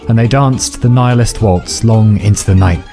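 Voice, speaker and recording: A man's voice: lowish voice, moderate pace, vocal fry. A man narrating a scripted fantasy story in a wry, dramatic way. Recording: faint background music.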